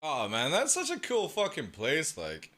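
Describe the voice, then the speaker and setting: Excitable man, lively pitch. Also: unhurried. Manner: excitable, swears freely, laughs often. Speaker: streamer reacting to a video. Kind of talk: casual live-stream reaction.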